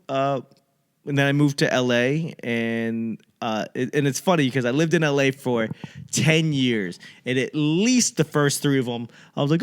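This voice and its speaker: A man's voice: mid-range voice, unhurried, clean tone. Man, young adult, comedian, podcast host, rambling, joking, digressive. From Boston. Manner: digressive, joking, puts on mocking voices.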